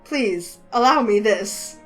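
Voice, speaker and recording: A woman voicing a shy, soft-spoken young man who talks politely and formally and hesitates, with faint music behind her. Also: medium pitch, lively intonation, slow pace, rough recording.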